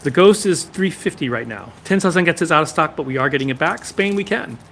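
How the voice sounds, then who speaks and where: A man's voice: fairly high pitch, lively intonation, fast talker, a bit bright, slight background noise. A man hosting a casual live stream from a sword shop, reading viewer comments and answering them one after another.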